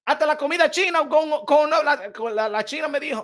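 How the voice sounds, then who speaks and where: A man hosting his boxing channel in a loose, animated rant. His voice is bright and cutting, and he keeps stammering into restarts as the thoughts tumble out. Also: extremely high pitch, quick pace, few pauses. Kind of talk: casual vlog rant.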